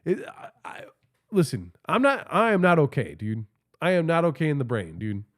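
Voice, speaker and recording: A man's voice: fairly high pitch, wildly swooping pitch, brisk. A man hosting a podcast, telling a rambling, profane comic story and often asking the listener. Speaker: podcast host. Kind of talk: comedic storytelling monologue.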